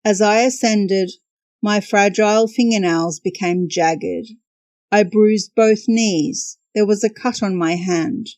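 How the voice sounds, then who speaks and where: A woman's voice: mid-range voice, takes it slowly, a little mellow, no echo. A woman hosting a podcast, narrating a travel story from a script with wry, dry humor.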